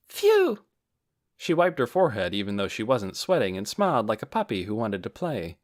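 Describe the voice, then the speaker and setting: A man narrating a fantasy novel as an audiobook with expressive storytelling. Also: mid-range voice. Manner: expressive storytelling, varied intonation.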